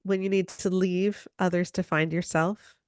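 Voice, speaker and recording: A woman's voice: on the low side, level tone, normal speed, a little mellow, smooth, no room sound. A woman hosting a podcast, chatty and upbeat, leaning on fillers as she talks. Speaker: podcast host. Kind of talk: podcast conversation.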